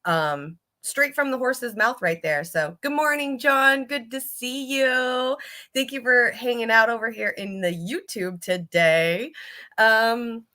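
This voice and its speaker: A woman's voice: fairly high pitch, takes it slowly, pushed and bright. A woman with a Californian accent hosting a live stream in casual chat, rambling and laughing often. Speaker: host.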